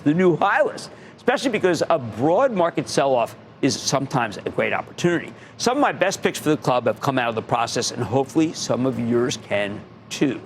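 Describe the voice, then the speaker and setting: A man's voice: medium pitch, slight background noise. Emphatic older man hosting a TV investing show. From United States. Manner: emphatic, animated, repeats key words, sudden shouts. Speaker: TV stock market show host. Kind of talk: energetic TV investing commentary.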